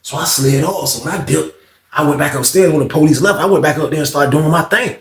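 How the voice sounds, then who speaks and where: A man telling a story in a casual, animated, slangy way, often calling out to his listeners. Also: fairly high pitch, fast. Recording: roomy echo.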